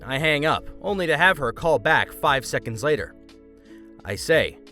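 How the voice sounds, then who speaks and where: A man's voice: mid-range voice, lively intonation, moderate pace, pushed and bright. A man narrating a story aloud in a wry storytelling manner. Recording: faint background music.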